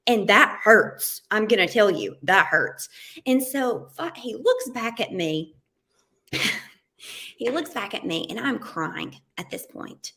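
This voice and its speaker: A woman guest on an interview, telling stories in a casual, animated way and acting out quotes and sounds. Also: fairly high pitch, unhurried, vocal fry. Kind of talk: casual anecdotal storytelling.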